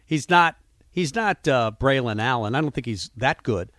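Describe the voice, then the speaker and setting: A man's voice: mid-range voice, animated, normal speed, fairly bright tone, dry recording, clean studio sound. A man co-hosting a sports radio show, talking through football strategy in a casual, musing way with frequent fillers.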